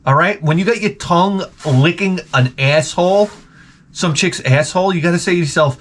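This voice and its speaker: This man's voice sits high, with a fairly bright tone and a faint hiss or hum in the audio, and he speaks at a moderate pace. He's a vlogger spinning crude, rambling comic tales, laughing a lot and performing each character's quotes.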